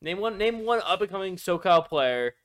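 A man's voice: sits high, lively intonation, normal speed, fairly bright tone. A young man co-hosting a podcast, asking long, meandering questions in casual chat. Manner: rambling questions with restarts and fillers. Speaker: podcast co-host.

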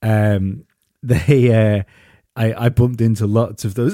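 A man's voice: medium pitch, measured pace, few pauses, dark tone, no echo, clean studio sound. A man hosting a podcast, telling stories in a rambling way with many restarts. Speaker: podcast host. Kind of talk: casual podcast chat.

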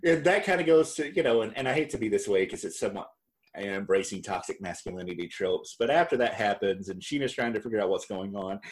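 Low-voiced man in rambling casual chat. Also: animated, fast. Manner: rambling, self-correcting, laughs often. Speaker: podcast co-host.

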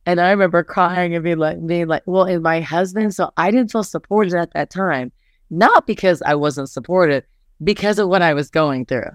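A middle-aged woman coach telling her story in a candid interview, her voice smooth and clear. She talks animatedly, scattering "like" through her sentences and acting out what people said. The sound is close and dry, with no room around it. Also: fairly low pitch, normal speed, no room sound. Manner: animated storytelling, frequent "like" fillers, acts out quotes. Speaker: basketball head coach, interview guest.

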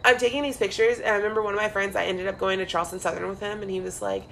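Animated, foul-mouthed young woman storyteller. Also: medium pitch, rapid-fire, vocal fry, a little hiss or hum, low-quality recording. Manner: animated storyteller who acts out quotes and swears freely. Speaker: podcast co-host. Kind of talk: casual chat.

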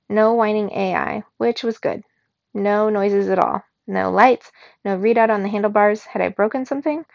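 Gravelly woman reading a kids' novel aloud. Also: mid-range voice, no echo. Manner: expressive first-person reading, giving the characters voices. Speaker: reader. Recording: dull lo-fi recording in a dry room.

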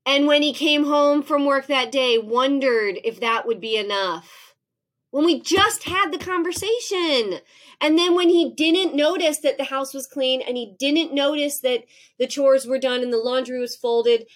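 A woman in her forties, a professor guest in an interview, telling a lively personal story and acting out her own thoughts. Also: high-pitched, a little slow. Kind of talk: conversational interview.

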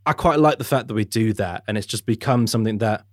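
A man co-hosting a podcast in casual chat, talking quickly and animatedly and swearing freely. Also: lowish voice, no echo, studio quality. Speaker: podcast co-host and editor.

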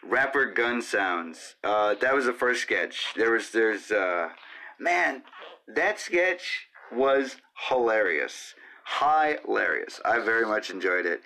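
A man chatting loosely on his own podcast, meandering from thought to thought with plenty of fillers and asides. His voice sits a little low but has a bright, forceful edge. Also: animated, slow. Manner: rambling, with many fillers and asides to his cat. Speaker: podcast host. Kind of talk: casual solo podcast chat.

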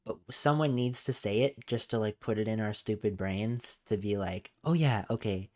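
A man hosting a casual podcast chat. He talks in a low voice, rambles, hesitates and often trails off before he finishes a thought. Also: normal speed, a little mellow. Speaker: podcast host.

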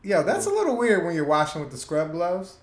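High, lively man laughing through a story. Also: brisk. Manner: laughs often, swears, tells stories animatedly. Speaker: podcast co-host. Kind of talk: casual podcast banter. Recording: echoey room.

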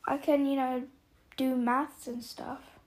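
A woman's voice: high-pitched, flat delivery, slow, darkish tone. A woman voicing a polite, puzzled young boy who speaks hesitantly. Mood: unsure.

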